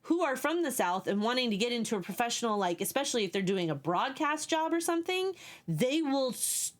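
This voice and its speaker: A young woman streaming live, chatting casually with her viewers and explaining things at length while she reads their messages. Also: on the high side.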